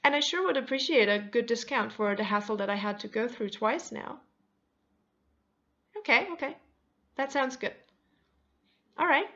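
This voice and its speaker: A high-pitched caller on a complaint line, acted out by a woman, piling on sweet thanks and apologies while firmly insisting on what she needs. The recording sounds dull and lo-fi. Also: brisk, hardly any pauses, a bit bright. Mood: sweet but firm. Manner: overly sweet thanks mixed with firm demands. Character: friend on a complaint call, polite but firm.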